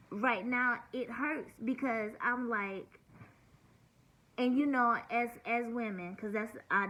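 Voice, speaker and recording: A woman's voice: on the high side, a bit bright, rough recording. A woman in her forties, blunt and swearing, venting through a hurt, near-tearful personal vlog monologue. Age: 40s. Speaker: vlogger.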